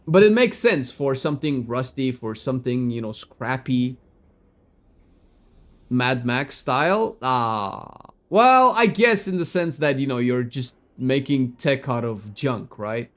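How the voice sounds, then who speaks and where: Excitable rambling gaming streamer man. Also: medium pitch, takes it slowly, vocal fry. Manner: rambling, excitable, swears casually, bursts of shouting. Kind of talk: casual gaming chat.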